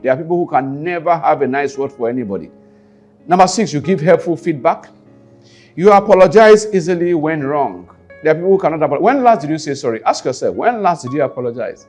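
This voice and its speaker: A man's voice: a little high, lively intonation, quick pace, a little mellow, soft background music. A man with a Nigerian accent, a life skills coach giving a motivational teaching talk, repeating key phrases and putting rhetorical questions to his listeners. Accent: Nigerian English.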